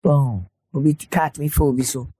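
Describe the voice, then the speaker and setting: A man's voice: medium pitch, quick pace, warm tone, slightly rough, no echo. A man explaining health matters in casual chat, with many hesitant restarts.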